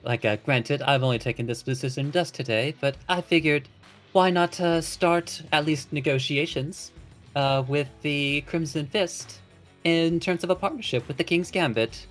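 Man doing a flamboyant flirty guild head, theatrical, raised pitch. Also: moderate pace, soft background music, natural voice.

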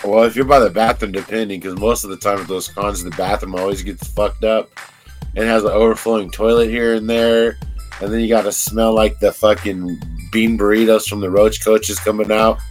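A man's voice: on the low side, little pitch movement, normal speed, soft background music. A man co-hosting a casual podcast, laid-back and joking crudely. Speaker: podcast co-host.

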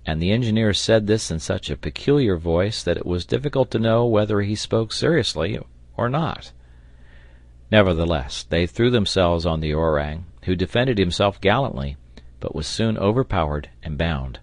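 A man narrating an audiobook in a steady, even storytelling manner on a close mic. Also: deep voice, normal speed, no room sound. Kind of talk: scripted narration.

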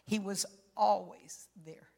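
A woman's voice: medium pitch, fairly even intonation, slow pace, creaky, dark tone, in a large hall. An older woman preaching a sermon in an earnest, personal storytelling manner. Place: church sanctuary.

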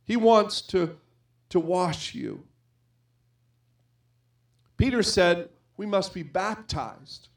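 Male pastor, fairly high voice, earnest conversational sermon, middle-aged. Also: expressive, extremely slow, long pauses. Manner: earnest, conversational preaching with personal stories.

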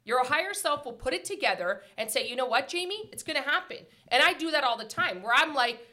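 A woman's voice: high-pitched, a little fast. A woman in her thirties chatting casually, telling stories emphatically with lots of "like". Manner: emphatic, animated storytelling, frequent "like". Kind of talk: casual chat.

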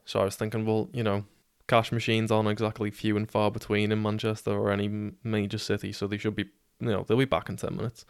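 A man's voice: on the low side, flat delivery, fast talker, creaky, smooth, dry recording, studio quality. A man in his twenties with a British accent, telling a personal story casually, sweary and self-deprecating. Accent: British English. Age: 20s.

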